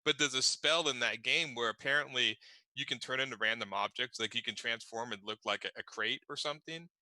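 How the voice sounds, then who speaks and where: A man's voice: mid-range voice, fairly quick, sharp tone, no room sound. A man chatting on a stream, telling self-deprecating gaming anecdotes and laughing through them. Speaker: panelist. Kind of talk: casual chat.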